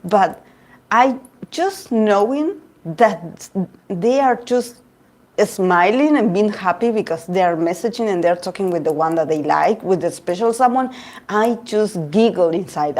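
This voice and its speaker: A woman host chatting casually about idol news, gossipy and quick to laugh, often restarting her sentences. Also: mid-range voice, lively intonation, a little mellow. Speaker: tarot reader and channel host. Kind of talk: casual chat reading live comments.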